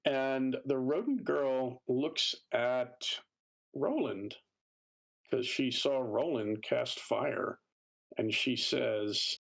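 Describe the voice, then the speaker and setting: Man, game master, tabletop narration, descriptive, filler-heavy, mid-pitched. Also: lively intonation, extremely slow, creaky, poor audio.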